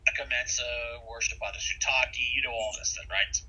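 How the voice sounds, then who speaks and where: A man voicing a suspicious crusader soldier in a tabletop game, commanding and gruff. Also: medium pitch, steady tone, fairly quick, pushed and bright, dull audio. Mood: wary. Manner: commanding, barking orders.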